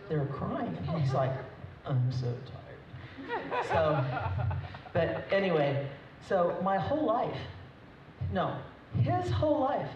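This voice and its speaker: A woman, the groom's mother, giving a chatty, emotional, unscripted wedding toast with frequent laughs. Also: low voice. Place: wedding reception hall. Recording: echoey dull hall recording from far off, crowd noise.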